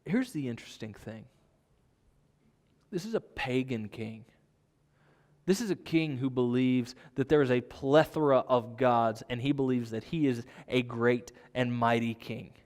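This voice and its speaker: A man's voice: mid-range voice, measured pace, a little mellow, long reverb tail. A man preaching a sermon in a conversational way, asking his listeners rhetorical questions. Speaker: pastor.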